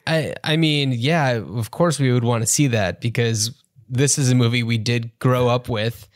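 A man's voice: medium pitch, steady tone, normal speed, no room sound, clean studio sound. A man in his thirties co-hosting a podcast, chatting casually and summarizing a movie with frequent fillers. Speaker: podcast co-host. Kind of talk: casual chat.

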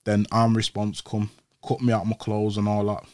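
A man's voice: lowish voice, normal speed, no echo, studio quality. A young man, an interview guest telling his story casually, acting out the voices of the people in it. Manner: animated, acts out quoted voices.

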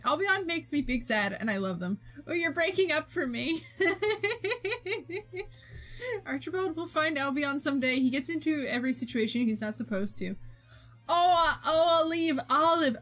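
A woman's voice: sits high, animated, normal speed, sharp tone, faint music behind. Bubbly, giggly woman chatting with viewers. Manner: giggly, reads chat aloud, bubbly. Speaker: streamer. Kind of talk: casual chat while drawing.

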